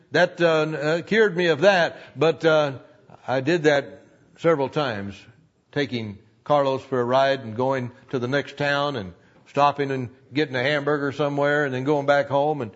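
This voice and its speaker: An older man telling a rambling, folksy personal story to a church audience, with lots of fillers and restarts. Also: high voice. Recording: dull lo-fi recording.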